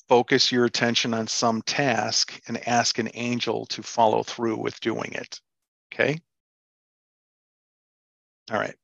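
A man's voice: mid-range voice, vocal fry, fairly bright tone, no echo. A man leading a spiritual group, teaching his team and handing the floor to a member. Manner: instructive, explaining to the team. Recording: dry, dull lo-fi sound.

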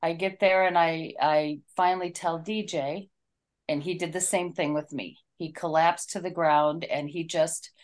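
A woman's voice: deep voice, steady tone, a little slow. A woman co-hosting a casual talk, retelling a story in an earnest, heartfelt way.

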